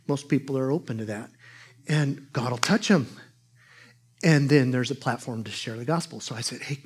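A man preaching a sermon, telling a story with animated swings between loud exclamations and hushed asides. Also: mid-range voice, breathy edge.

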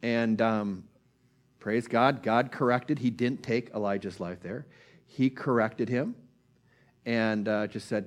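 A man's voice: medium pitch, slow. A man giving an informal sermon, retelling a Bible story in a conversational way, with plenty of fillers and restarts. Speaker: preacher. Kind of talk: casual sermon.

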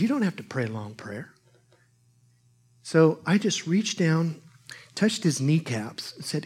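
A male preacher with a slightly husky, breathy voice delivers his sermon as a lively story. He jumps from loud, punchy exclamations to quiet, hushed asides. His pitch sits right in the middle of a man's range.

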